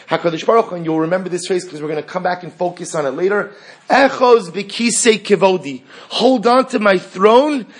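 A man teaching a Talmud class, telling the story with animated dialogue and rhetorical questions. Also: high-pitched. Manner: animated storytelling, acting out dialogue between characters; frequent restarts and rhetorical questions. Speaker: Torah teacher.

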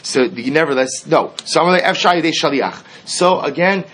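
A man's voice: a little high, brisk, a bit bright. A man teaching a Talmud class, explaining each line and asking rhetorical questions as he goes.

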